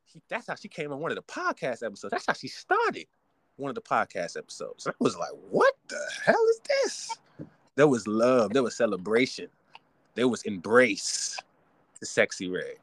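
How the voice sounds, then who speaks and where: A man's voice: mid-range voice, huge pitch swings, normal speed, a bit bright, no room sound. A man hosting a podcast alone, ranting theatrically about hip hop culture. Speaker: podcast host. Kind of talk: solo podcast rant.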